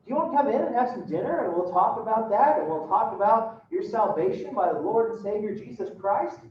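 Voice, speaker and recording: A man plays a relentlessly cheerful, squeaky-clean sitcom father who bursts with folksy exclamations. The voice rides high and sounds distant and dull, as if caught from across a room with heavy echo. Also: lively intonation, brisk, a little hiss or hum. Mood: eager. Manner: gushing, folksy "golly gee" exclamations. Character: overly wholesome cheerful sitcom dad, middle-aged.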